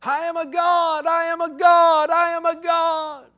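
Casting: a man doing a shrill ecstatic woman yelling at full voice, very high. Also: little pitch movement, unhurried, exaggerated voice. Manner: shrill, shouting. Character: woman screaming that she is a god.

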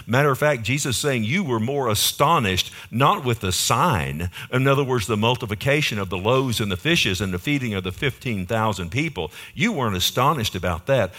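A man's voice: fairly low pitch, fairly bright tone. A man pastor preaching a verse-by-verse sermon, emphatic and often asking the congregation questions.

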